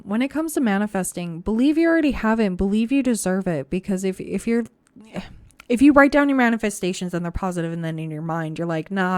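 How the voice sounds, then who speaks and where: A woman's voice: mid-range voice, a little mellow, no echo. A woman giving a casual, encouraging tarot reading to camera, chatty and reassuring, with frequent fillers. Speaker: tarot reader.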